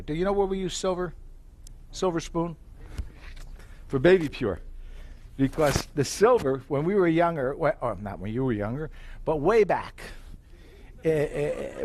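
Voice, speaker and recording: A middle-aged man giving a live sales presentation as company president, telling stories and asking the audience questions. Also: on the high side. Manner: animated storyteller, asks the audience questions.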